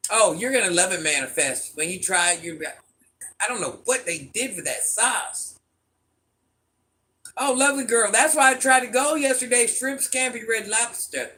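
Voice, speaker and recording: Reading viewer comments aloud, a man with a mixed country accent chats playfully on a casual live stream. His high-pitched voice is animated, bright and forceful, at a moderate pace.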